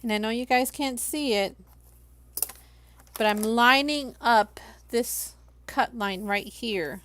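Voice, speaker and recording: A woman's voice: fairly high pitch, slow, fairly bright tone. A young adult woman from Los Angeles, chatting casually on a live stream and talking viewers through each crafting step.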